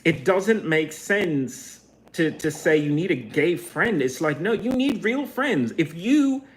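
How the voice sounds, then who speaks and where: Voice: medium pitch, lively intonation, takes it slowly, a little hiss or hum. A vlogger in a casual rambling monologue, swearing often and wandering between thoughts while second-guessing themself. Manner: profane, meandering, self-questioning.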